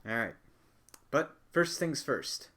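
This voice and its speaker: A man's voice: medium pitch, very animated, slow pace, pushed and bright. A man playing a tabletop game with friends, crude and playful, often stumbling over his words. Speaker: player. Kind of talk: tabletop role-play.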